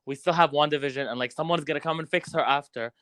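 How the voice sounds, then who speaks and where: A man's voice: on the high side, quick pace, fairly bright tone. A man co-hosting a podcast, chatty and reflective as he weighs up a film. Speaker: podcast co-host. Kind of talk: casual movie review chat.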